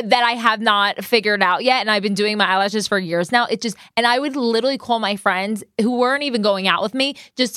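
A woman's voice: a little high, a bit bright, dry recording, clean studio sound. A woman hosting a podcast, chatting casually and laughing often. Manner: giggly, chatty, frequent laughter. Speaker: podcast host.

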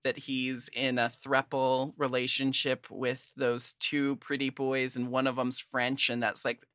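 A man's voice: mid-range voice, completely flat delivery, a little slow, sharp tone, smooth, dry recording, studio quality. A man hosting a podcast in casual chat, talking loosely with many fillers and frequent laughs. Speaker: podcast host.

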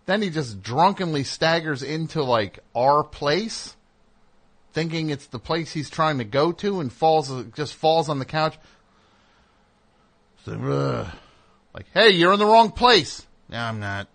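A middle-aged man hosting a show, telling a casual story and acting out the people in it with sudden loud outbursts. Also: fairly high pitch, slow, creaky, pauses often. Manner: animated, acts out voices with loud outbursts. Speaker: host.

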